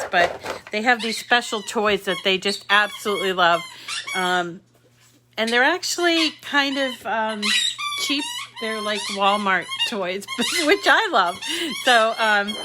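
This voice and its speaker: A woman's voice: medium pitch, background noise. A middle-aged woman hosting a casual live crafting chat from home, chatty and rambling with many fillers. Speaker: crafting channel host. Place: home craft room with dogs and a squeaky toy.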